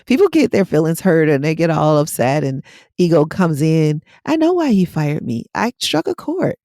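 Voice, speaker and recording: A woman's voice: on the low side, creaky, warm tone, dry recording, studio quality. A middle-aged woman hypnotherapist giving a casual, blunt and direct motivational talk on her podcast.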